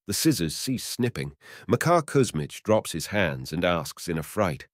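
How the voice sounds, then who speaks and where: Brief: male audiobook narrator, very low voice, steady storytelling delivery, dry recording. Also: a little slow, no echo. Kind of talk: audiobook reading of a short story.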